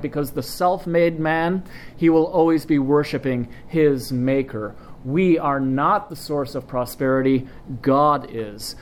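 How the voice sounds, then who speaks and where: Emphatic male preacher, slightly high voice. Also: slight background noise. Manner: measured, emphatic preaching with slow stressed phrases. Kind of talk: sermon.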